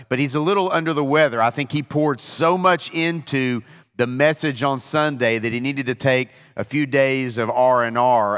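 A man's voice: medium pitch, a bit bright, clean tone, in a large hall. A man as pastor, giving a conversational Bible study talk with frequent restarts. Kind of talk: informal Bible study teaching.

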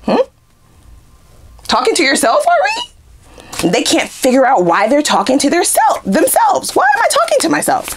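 A woman gives a casual tarot reading straight to her viewers, sassy and full of asides. Her voice is fairly high and swoops up and down all the time. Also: normal speed, long pauses. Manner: animated, laughing often, sassy asides. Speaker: tarot reader.

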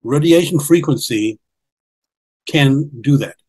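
Husky older man explaining insistently. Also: mid-range voice, animated, slow, darkish tone, poor audio. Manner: earnest, insistent, repeats key points. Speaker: documentary guest presenting research. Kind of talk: explanatory interview talk.

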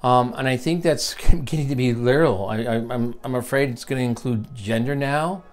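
A man's voice: medium pitch, normal speed. A man hosting a virtual leadership seminar, reading from a book and adding his own comments. He stresses and repeats key lines and puts questions to the listener. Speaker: seminar host and teacher.

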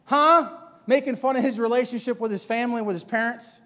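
High-voiced confrontational male preacher. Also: steady tone, quick pace, big-room sound. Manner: confrontational, rhetorical questions to the congregation. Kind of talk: sermon. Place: church sanctuary.

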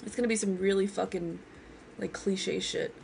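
Blunt, gravelly-voiced woman ranting. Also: mid-range voice, fairly even intonation, moderate pace, a little mellow, slight background noise. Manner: blunt, profane, emphatic. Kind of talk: casual rant.

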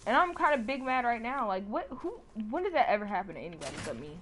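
Young woman streamer, swears a lot, lively swinging pitch, light noise behind her. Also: quick pace. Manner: profane, exasperated, talks to chat. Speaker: gamer streamer. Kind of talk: casual gameplay commentary.

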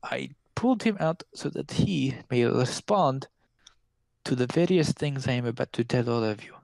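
A man voicing an old female fortune-teller, speaking in slow, theatrical, ominous pronouncements. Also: medium pitch, expressive, gravelly, darkish tone, no echo, low-quality recording. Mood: cryptic.

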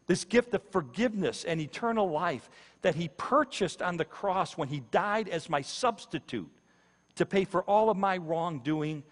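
A man's voice: a little high, long reverb tail. A man giving a sermon-style personal testimony, telling his story vividly with repetition and acted quotes.

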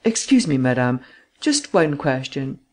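A man reading the part of a stern, determined gentleman investigator who presses hard for the truth. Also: medium pitch, sing-song, measured pace. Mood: insistent.

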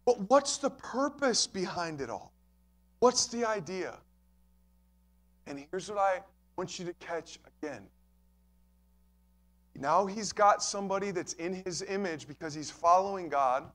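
A man's voice: high-pitched, lively intonation, measured pace, long pauses, a bit bright. A man pastor preaching a sermon, emphatic and repeating key phrases, addressing listeners as friends.

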